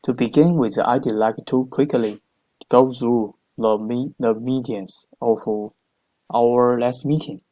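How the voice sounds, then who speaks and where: Hesitant male learner, slow speech. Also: mid-range voice, steady tone, dark tone, low-quality recording. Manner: hesitant, many uhs and restarts. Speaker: English student. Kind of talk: reading practice phrases aloud.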